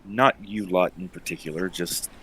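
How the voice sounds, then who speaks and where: A very low-voiced man speaks in character, measured and earnest. A faint hum of noise sits under his voice. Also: fairly even intonation, pushed and bright. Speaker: player. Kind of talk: in-character roleplay.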